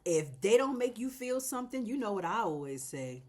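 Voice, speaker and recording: Repotting plants at home, this channel host talks in a mid-range voice at a moderate pace. She's lively and chatty, laughing as she speaks straight to the viewers of her casual plant vlog.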